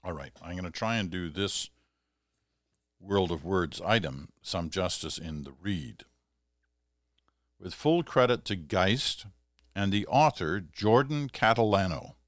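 A man hosting a podcast, reading an article aloud with relaxed, conversational asides. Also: sits low, a little slow, long pauses, no echo, clean studio sound. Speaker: podcast host.

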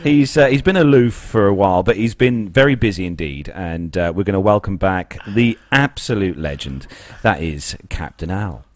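A man's voice: lowish voice, expressive, normal speed, hardly any pauses, dry recording. A man hosting a casual podcast chat over a video call, rambling through jokey introductions. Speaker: podcast host.

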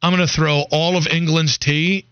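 A man's voice: on the high side, little pitch movement, normal speed, a bit bright, clear, resonant tone, no room sound, muffled recording. A man hosting a sports radio show in casual, joking banter, rambling and self-deprecating.

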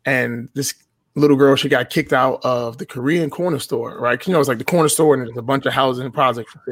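A man's voice: medium pitch, fairly quick, no echo. A young man telling a story on a podcast in a casual, blunt and profane way. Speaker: podcast guest.

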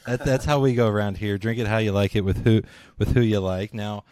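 A man hosting a casual interview over a video call, easygoing and quick to laugh. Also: lowish voice, fairly even intonation, darkish tone, no echo. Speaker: show host.

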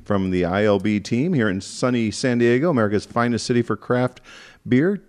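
A man's voice: mid-range voice, moderate pace, darkish tone. A man hosting a casual beer podcast in an easygoing way, laughing often between lines. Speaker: podcast host.

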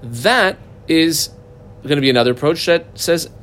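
A man's voice: fairly high pitch, animated, normal speed, a bit bright. A man teaching a Talmud class, translating phrases and explaining them step by step in a casual way with many fillers.

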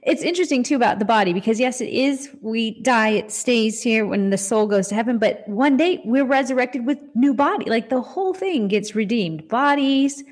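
A woman hosting a casual faith podcast, affirming her guest and talking in a quick, preachy way. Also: on the high side, animated.

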